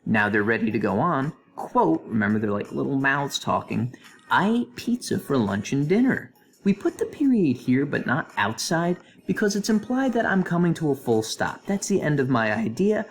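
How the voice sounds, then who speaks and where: A male English teacher talks through a recorded grammar lesson in a voice-over, his pitch sitting in the middle and swinging up and down with lively energy. He speaks to students with animated, playful asides. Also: normal speed, gravelly, few pauses.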